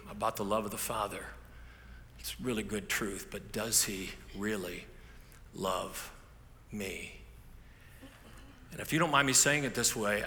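A man's voice: lowish voice, sharp tone, a little hiss or hum. A man preaching a sermon as a pastor, telling stories in a conversational way with frequent restarts. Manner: conversational storytelling with repeated restarts. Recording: echoey hall with faint ambience.

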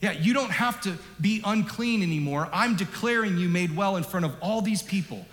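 A compassionate healer speaks gently and reassuringly to a woman, voiced by a man. The voice is a touch high for a man and echoes through a big hall. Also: animated, moderate pace.

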